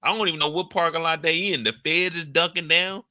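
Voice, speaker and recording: Man, reaction commentary, profane, squealing impressions, high-pitched, dry close sound. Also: fairly quick, no room sound. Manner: animated, profane, acts out scenes in high squeals and shouts.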